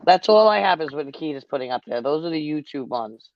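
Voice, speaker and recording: A woman with a gravelly, creaky voice chats casually and teases her friends in an easygoing way. The sound is dull and lo-fi, and dry. Her pitch sits in the middle range. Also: expressive, quick pace, no room sound. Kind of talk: casual group chat.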